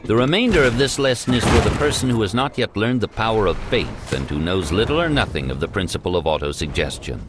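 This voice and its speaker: A man reading an old self-help text aloud in a measured, emphatic narration. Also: on the low side, lively intonation, background noise.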